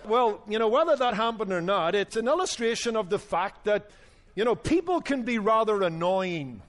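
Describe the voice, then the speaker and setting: A man with a notably high voice preaches a radio sermon as a Bible teacher. He tells his points through stories and voices the people in them. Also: animated, moderate pace. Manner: storytelling preacher, acts out dialogue in his story.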